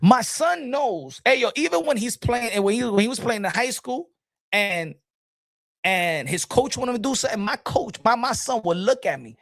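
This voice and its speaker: A middle-aged man hosting a casual boxing talk show, animated and repetitive, talking straight to his viewers in the chat. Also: very high-pitched, moderate pace, vocal fry, dry recording, studio quality. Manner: animated, repeats himself, addresses folks in the chat.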